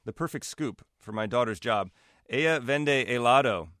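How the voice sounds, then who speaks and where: A man reading aloud, voicing a cheerful, overeager middle-aged mother who chats brightly. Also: medium pitch, lively intonation, normal speed, dry recording, clean studio sound, voice pushed up, natural voice. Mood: chirpy. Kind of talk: literary reading.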